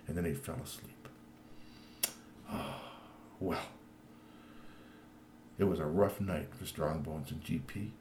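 A man telling a children's story aloud, lively and full of put-on voices. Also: extremely low pitch, slow pace, long pauses, slight background noise.

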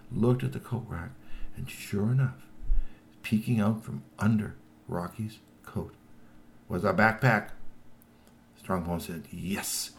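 A man telling a children's story aloud, lively and full of put-on voices. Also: fairly low pitch, gravelly, a little hiss or hum.

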